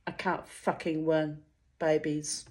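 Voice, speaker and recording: A woman's voice: low voice, level tone, slow pace, a little mellow. A middle-aged woman, telling a story to her channel in a blunt, profane and dramatic way. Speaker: vlogger. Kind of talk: casual storytelling monologue.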